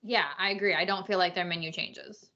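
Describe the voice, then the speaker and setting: A woman co-hosting a podcast in casual chat, giving quick, blunt opinions and pronouncing French dish names. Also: lowish voice, steady tone, bright, forceful tone, lo-fi sound. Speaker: podcast co-host.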